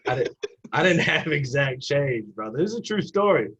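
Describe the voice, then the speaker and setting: Young man, husky and low, animated storyteller acting out quotes, casual podcast guest, dull lo-fi audio. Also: moderate pace. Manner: animated storyteller who acts out the people he quotes. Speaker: assistant basketball coach, guest.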